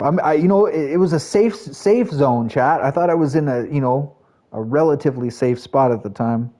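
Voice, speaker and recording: A man's voice: medium pitch, normal speed, dark tone. A man streaming live, chatting casually with his viewers in a rambling way with lots of fillers. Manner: chatty, rambling, talks to chat, frequent fillers.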